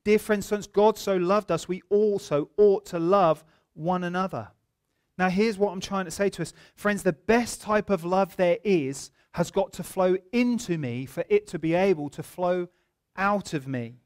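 Brief: male pastor, higher voice, chatty sermon delivery with jokes. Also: a little slow, a little mellow, clear, resonant tone. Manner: conversational preaching with humorous anecdotes.

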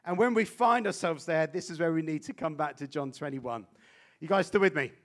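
A man preaching a sermon as a guest speaker, animated and swinging between loud exclamations and hushed intensity. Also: a little high, a little fast.

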